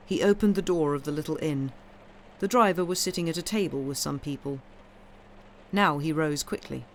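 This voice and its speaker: A woman reading a classic short story aloud in a calm, measured audiobook narration. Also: sits low, slight background noise. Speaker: reader.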